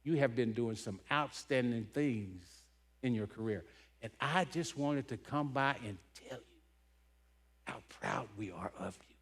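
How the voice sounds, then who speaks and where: A man voicing a proud old coach, low and fatherly. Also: animated, a little slow, breathy edge. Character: proud, warm older male coach.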